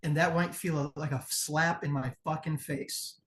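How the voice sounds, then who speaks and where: A man's voice: on the high side, steady tone, moderate pace, fairly bright tone. A man with a Midwestern American accent judging wrestling promos in a blunt, profane, candid critique. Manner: blunt, profane, acts out crowd chants. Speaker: promo competition judge.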